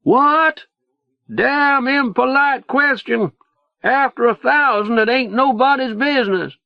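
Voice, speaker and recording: A man voicing a brash, reckless speedboat smuggler, shouting profanely over engine noise in a storybook reading. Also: very high voice, slow, creaky, no echo, pitched above the performer's own voice, full character voice. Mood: yelling, reckless. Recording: dull lo-fi cassette recording.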